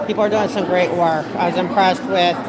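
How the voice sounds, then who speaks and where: Chatty woman livestreaming over loud crowd chatter. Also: fairly low pitch, steady tone, brisk, low-quality recording. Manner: chatty and rambling, reading viewer comments aloud. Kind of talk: casual livestream chat.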